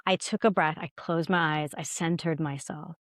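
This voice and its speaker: Middle-aged actress guest, low-pitched, earnest and lively anecdotes, close dry mic. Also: female voice, moderate pace, no room sound. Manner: earnest, animated when telling stories. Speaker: actor guest. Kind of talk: conversational interview storytelling.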